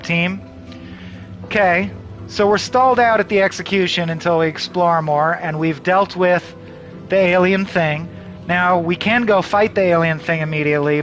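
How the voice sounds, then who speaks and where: A man streaming a video game, reading the story aloud in a playful, animated way. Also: fairly high pitch, normal speed, faint music behind. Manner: playful and animated, breaks into laughter.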